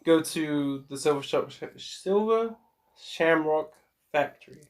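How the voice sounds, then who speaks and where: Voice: mid-range voice, animated, measured pace. A podcast co-host casually walking through the plot of a horror movie, now and then quoting the characters. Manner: plot-summarizing, laid-back, quotes characters in passing. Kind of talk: casual movie recap chat.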